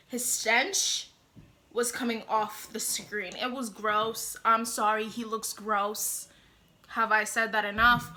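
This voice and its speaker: A young woman with a bright, piercing tone and a slightly high voice speaks in casual commentary. She is blunt and opinionated, leans on slang and fillers, and talks straight to her viewers. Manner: sassy, blunt and exaggerated, addresses viewers as y'all; lots of slang and fillers like "like" and "you know". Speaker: vlogger reviewing a TV show.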